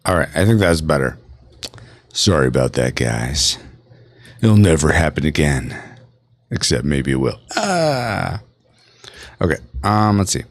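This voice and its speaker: A man's voice: very deep voice, expressive, normal speed, pauses often. A man hosting a gaming livestream, rambling playfully and reading chat aloud. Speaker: streaming host.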